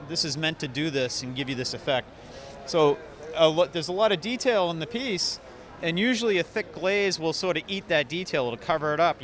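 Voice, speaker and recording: A man from North Carolina, a potter explaining his glaze work in a calm, explanatory way with a few fillers. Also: a little high. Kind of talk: explaining his craft in an interview. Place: outdoor festival booth.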